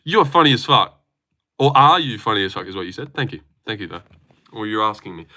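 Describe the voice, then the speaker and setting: The voice belongs to a young Australian man, medium in pitch and brisk in delivery. He hosts a casual livestream, reading out comments and swearing through his excitable chat.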